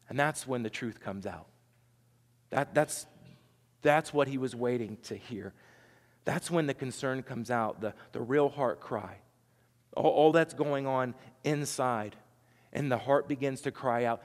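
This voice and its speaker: A man's voice: medium pitch, expressive, unhurried, in a large hall. A man preaching a sermon, talking conversationally and asking the congregation rhetorical questions. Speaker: pastor.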